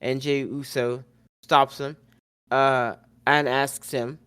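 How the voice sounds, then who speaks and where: A man's voice: medium pitch, flat delivery, takes it slowly, fairly bright tone, clear, resonant tone, no echo, clean studio sound. A man co-hosting a podcast, recapping a wrestling show loosely, with fillers and self-corrections. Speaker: podcast co-host.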